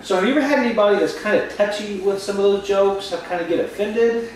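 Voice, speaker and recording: A man's voice: sits high, fast talker. A man co-hosting a podcast, bantering playfully and asking questions. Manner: playful, joking. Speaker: podcast co-host. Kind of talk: casual banter. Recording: very echoey room, distant mic, faint noise.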